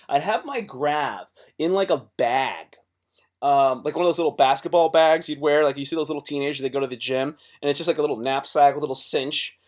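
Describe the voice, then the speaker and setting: A man talking casually to his livestream chat, rambling and swearing, with many restarts. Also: fairly high pitch.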